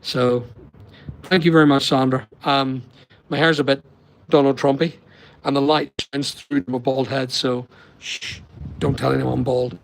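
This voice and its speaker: Speaking unhurriedly with a gravelly, medium-pitched voice that barely moves in pitch, a middle-aged Northern Irish man leaves long pauses as he rambles on a live stream and answers viewers. He is from Northern Ireland and is staying in holiday lodging abroad. Slight background noise and a weak laptop or phone connection make for a low-quality recording.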